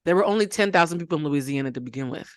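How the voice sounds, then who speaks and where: Fast-talking woman podcast host. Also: low-pitched, no room sound, studio quality. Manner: animated, jokey, rambling storyteller. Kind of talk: casual chat.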